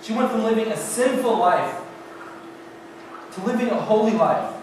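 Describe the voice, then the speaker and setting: A man with a high voice preaches as a youth pastor, retelling a story in the first person. He swings from hushed to loud. He is heard from across a very echoey hall with a faint hiss behind. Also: lively intonation, normal speed, distant mic.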